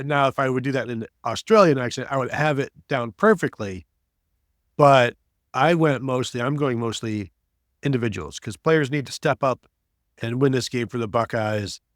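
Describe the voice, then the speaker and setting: A man's voice: mid-range voice, fairly bright tone, no echo, studio quality. A man hosting a sports podcast with playful, teasing banter. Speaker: podcast host.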